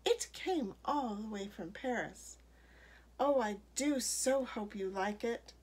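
A woman's voice: on the high side, animated, a little slow. Brief: woman voicing a timid storybook lady with a tiny, hesitant voice. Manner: tiny soft voice.

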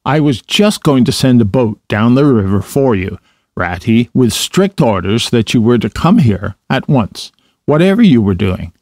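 A man's voice: mid-range voice, very animated, normal speed, darkish tone, no echo, clean studio sound, natural voice. A man voicing a rich, boastful male toad who gushes and exclaims over his latest fancy. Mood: delighted.

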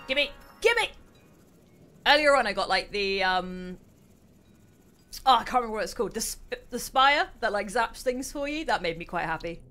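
Lively, bright-voiced British woman streamer. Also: medium pitch, brisk. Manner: excitable, chatty, self-mocking. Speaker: streamer host. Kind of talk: casual gameplay livestream chat.

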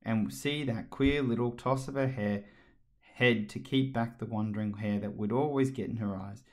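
A man narrating a children's story aloud with a steady, expressive read and the odd slip. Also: mid-range voice, moderate pace. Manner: steady, expressive reading with small slips.

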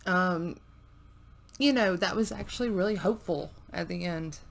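A woman's voice: on the low side, normal speed, gravelly. A woman hosting a reaction video, chatting casually to viewers, with many fillers, sometimes dropping to a murmur.

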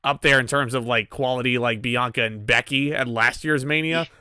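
A man's voice: medium pitch, fairly even intonation, normal speed, pushed and bright, smooth, no echo. A man cohosting a podcast, giving opinionated takes on a wrestling show, full of ums. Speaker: guest cohost. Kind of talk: casual wrestling review chat.

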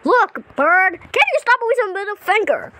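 A woman giving playful gameplay commentary, excitable and repetitive, talking to the characters on screen. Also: very high voice, normal speed, noisy background. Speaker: gameplay channel host.

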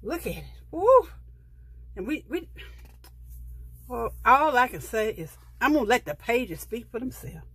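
A woman's voice: on the high side, sing-song, moderate pace, slightly rough, no echo. A middle-aged woman, chatting with her viewers as she flips through a sticker book and gushes over each page. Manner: chatty, gushing, talks softly to viewers. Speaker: planner vlogger. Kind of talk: casual show-and-tell of a sticker book.

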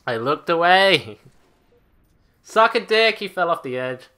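Guy ranting and swearing over his game footage, sharp bright voice, fed up. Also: fairly high pitch, very animated, measured pace, smooth. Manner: profane, exasperated ranting. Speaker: gaming channel host. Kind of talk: angry gameplay rant.

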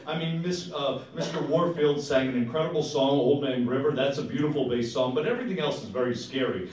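A man's voice: mid-range voice, darkish tone. A man, a singer and entertainer, chatting between songs at a live show with jokey, self-mocking banter. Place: performance hall. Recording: echoey hall, distant mic, live music.

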